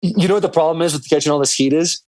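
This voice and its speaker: A man's voice: fairly high pitch, very fast, darkish tone. A man co-hosting a podcast over a video call, talking loosely with lots of "like" and "dude". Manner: loose and rambling, full of "like" and "dude". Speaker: podcast co-host calling in from abroad. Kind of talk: casual chat.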